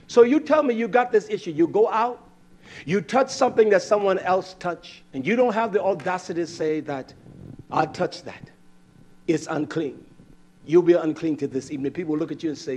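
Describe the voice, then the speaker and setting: A man with a notably high-pitched voice delivers a sermon. He reads scripture and then scolds his listeners bluntly. His volume swings from loud outbursts to low mutters. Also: lively intonation, fairly quick. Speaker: preacher.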